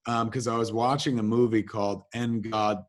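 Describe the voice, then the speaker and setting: A man from New Jersey, a guest in an interview, telling animated anecdotes in casual talk and swearing freely. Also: lowish voice, moderate pace. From New Jersey, USA. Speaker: interview guest, filmmaker and comics writer.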